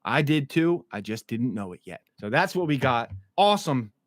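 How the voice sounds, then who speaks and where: A man casually recapping TV episodes, excited and swearing, acting out the characters' lines as he goes. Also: medium pitch, normal speed, no echo, studio quality. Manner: excited, swearing, acts out quotes. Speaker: show recap host.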